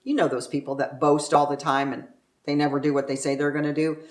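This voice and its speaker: A woman's voice: low-pitched, flat delivery, fast talker, reverberant. A woman from Southern California explaining local slang phrases in a playful manner, drawing out words for emphasis. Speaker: real estate agent teaching local slang. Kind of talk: casual explainer to camera.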